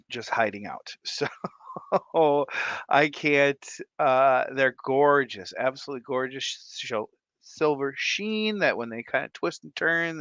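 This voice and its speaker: A man hosting a casual livestream, excitable and laughing often as he greets viewers by name. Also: medium pitch, no room sound. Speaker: livestream host.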